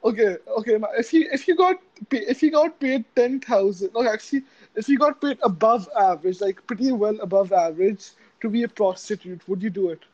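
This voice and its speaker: A man's voice: high-pitched, a little fast, a little mellow, lo-fi sound. A man co-hosting a casual podcast, joking and giggling, often stammering and repeating words. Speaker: podcast co-host. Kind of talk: casual chat.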